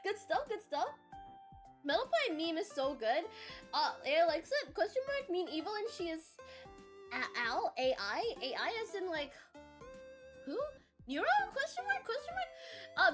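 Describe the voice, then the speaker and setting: Bubbly high-pitched woman streamer. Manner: bubbly, giggly, swears casually, reads chat aloud. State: coming down with a cold. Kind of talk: casual chat with viewers.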